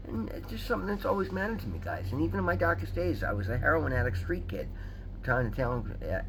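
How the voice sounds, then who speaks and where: A man's voice: medium pitch, fairly bright tone, a little hiss or hum, rough recording. A man, talking earnestly to his viewers in a rambling, repetitive way and calling them guys. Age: 50s. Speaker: recovery vlogger. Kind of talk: casual motivational talk to camera.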